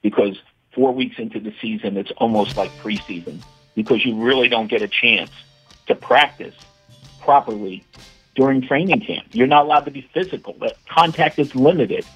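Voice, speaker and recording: A man's voice: medium pitch, normal speed, fairly bright tone, husky, muffled recording, soft background music. A man calling in as the show's regular guest analyst, talking emphatically and stumbling over repeated words as he starts his points. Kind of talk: phone-in sports analysis.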